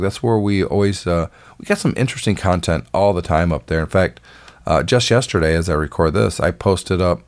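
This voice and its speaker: A man hosting a casual tech podcast, chatty and enthusiastic, with a voice that sounds a little rough and off today. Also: deep voice. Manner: chatty and enthusiastic, with filler words. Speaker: podcast host.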